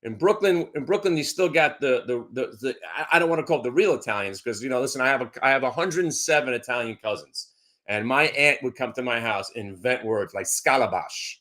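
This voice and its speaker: A man talking trades and family stories on a markets show, animated and repetitive. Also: medium pitch, a little fast. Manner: animated storyteller, repeats himself. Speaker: market commentator. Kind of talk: casual chat.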